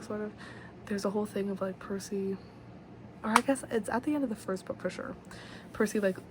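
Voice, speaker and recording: A woman's voice: medium pitch, noisy background. A young woman giving a rambling, casual book recap to camera, full of fillers and gushing asides. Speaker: book vlogger.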